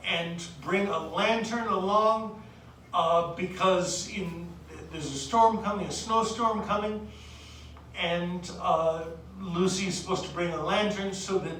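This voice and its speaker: A woman from the United States lecturing on literature, unhurried and hesitant, filling pauses with "uh" and reading verse aloud. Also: on the low side, a bit bright, a little hiss or hum. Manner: unhurried, hesitant with many fillers, reads poetry aloud. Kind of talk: recorded lecture. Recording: very echoey room, distant mic.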